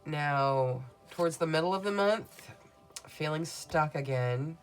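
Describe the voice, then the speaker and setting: A woman with a low-pitched voice reads tarot cards for her viewers at a slow pace, with faint music in the background. She is soothing and affirming and calls her audience "beautiful souls."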